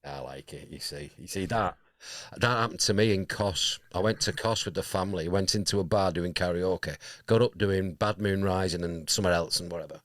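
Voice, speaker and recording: Chatty man interviewing, low voice. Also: fairly quick, fairly bright tone, no echo. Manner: chatty, rambling, matey. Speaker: radio interviewer. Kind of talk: casual interview chat.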